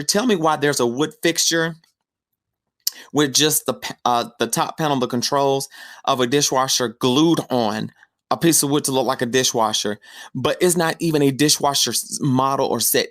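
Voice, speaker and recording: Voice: mid-range voice, a bit bright. A podcast host giving a casual, chatty film review recap, telling the story with slangy asides.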